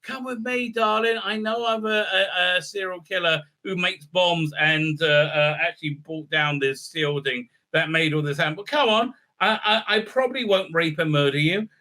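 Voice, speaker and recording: A man doing a mocking voice for a preachy, sneering female heroine, shrill and lecturing. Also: normal speed, hardly any pauses, pushed and bright.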